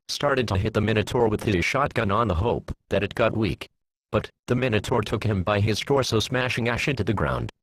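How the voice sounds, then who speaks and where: A man reading a fan story aloud, giving the characters lowered voices. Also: a little hiss or hum, low-quality recording. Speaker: fan fiction reader.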